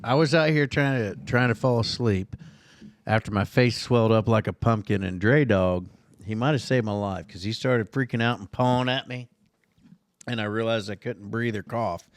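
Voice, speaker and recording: Relaxed male podcast co-host. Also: mid-range voice, moderate pace, no echo, clean studio sound. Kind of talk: casual chat.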